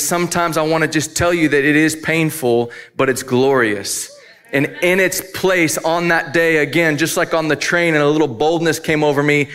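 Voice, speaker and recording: Male pastor with a slightly high voice, candid and emphatic, telling a personal story from the pulpit. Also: a bit bright, clean tone. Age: adult, married. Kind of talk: sermon.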